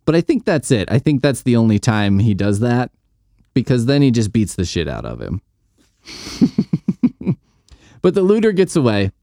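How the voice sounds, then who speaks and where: Homem de podcast, voz grave e animada. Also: male voice, medium pitch, huge pitch swings, unhurried, pauses often, mellow, no room sound, clean studio sound. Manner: rambling, profane, jokey. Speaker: podcast host. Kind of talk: casual comic book recap chat.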